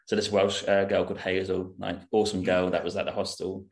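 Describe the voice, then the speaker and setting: A man's voice: low voice, a little fast, creaky. A man hosting a travel podcast, chatting casually with a guest and using many "like" and "um" fillers. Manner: relaxed, chatty, with frequent "like" and "um". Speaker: podcast host. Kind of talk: casual interview chat.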